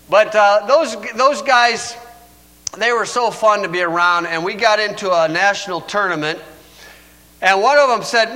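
A man's voice: sits high, animated, normal speed, pushed and bright, low-quality recording. An older man preaching a sermon in a folksy, storytelling way, chuckling often. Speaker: pastor.

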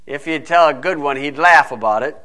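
Male preacher, folksy and digressive, bright pushy tone, a touch high-pitched. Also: a little fast. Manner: folksy, digressive Bible teaching. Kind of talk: sermon.

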